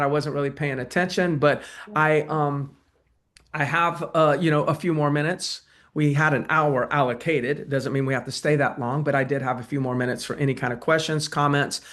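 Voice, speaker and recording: Animated real estate coach, man. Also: fairly high pitch, fairly quick. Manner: animated, conversational, acts out sales calls. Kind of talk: webinar presentation and Q&A.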